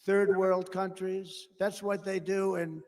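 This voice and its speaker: An older man delivers a rambling rally speech, his voice sitting high for a man. He mocks his opponents and repeats phrases for emphasis. A long reverb from a large hall trails after his words. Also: flat delivery, slow, a crowd in the background. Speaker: political speaker at a rally.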